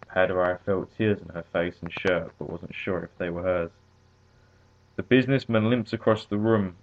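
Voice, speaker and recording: A man reading a story aloud as narrator, in a steady, measured way. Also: deep voice. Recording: tinny phone-like audio.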